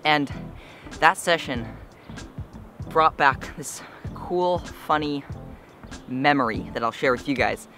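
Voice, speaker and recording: A man's voice: a little high, slow pace, pauses often, bright, forceful tone, soft background music. A young man vlogging to camera outdoors, slightly out of breath, chatting in a rambling, casual way with lots of fillers. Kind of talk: casual vlog talk to camera.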